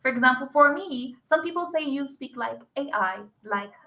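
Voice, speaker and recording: Young woman teacher chatting away, kinda high bright voice, lively and talky. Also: moderate pace, poor audio. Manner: animated, chatty, non-native phrasing. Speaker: English teacher. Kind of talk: casual chat.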